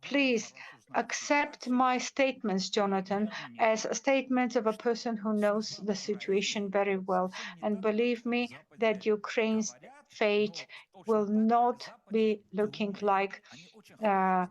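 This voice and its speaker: A woman's voice: medium pitch, steady tone, slow pace, rough recording. A woman speaking as a symposium panelist, giving impassioned, firm remarks with frequent hesitations and repeated words.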